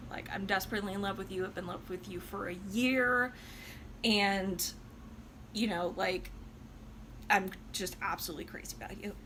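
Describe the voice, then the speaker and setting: A woman voicing an earnest, lovesick young man who gushes his devotion in a soft, pleading voice. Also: medium pitch, moderate pace, a little hiss or hum, close to an everyday voice, poor audio. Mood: smitten.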